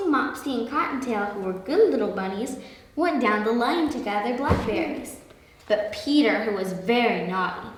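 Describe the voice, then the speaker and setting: Woman reading a storybook in a hall. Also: on the high side. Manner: slow, expressive. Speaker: story reader. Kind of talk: storybook read-aloud. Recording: echoey hall, far from mic.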